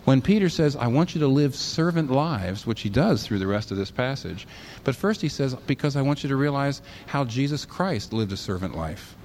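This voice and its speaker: An animated man delivering a sermon, his voice leaping up and down as he argues his case. He keeps voicing the other side's objections and answering them with pointed rhetorical questions. A faint ambient hum sits underneath. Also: mid-range voice, normal speed. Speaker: preacher.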